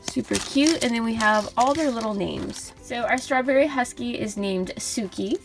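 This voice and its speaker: A young woman hosting a toy unboxing video, gushing softly over each cute plush and reading out their names. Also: fairly high pitch, moderate pace, faint music behind. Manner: gushing, soft and cooing over cute toys.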